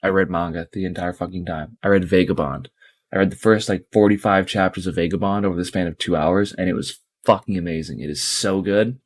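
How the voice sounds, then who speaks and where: Here a young male podcast co-host drifts through a tired anecdote, cursing often as he chats casually. The low voice moves briskly with fairly even intonation, and the recording is dry.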